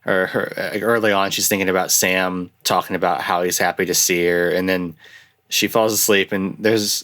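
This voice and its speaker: A young man hosting a casual film review, rambling and restarting often, with lively jumps into quoted lines. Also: low-pitched. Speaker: podcast host reviewing films. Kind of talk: casual chat.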